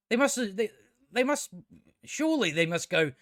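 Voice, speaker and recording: A man's voice: sits high, sing-song, moderate pace, fairly bright tone, dry recording, studio quality. A man giving a casual spoken review of a show, exasperated and ranting, swearing freely.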